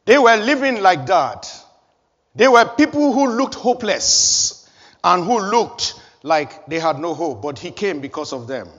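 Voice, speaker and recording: A man's voice: sits high, sing-song, measured pace, fairly bright tone, big-room sound, dull audio. A man preaching a sermon as pastor of his church, building emphasis with repeated phrases.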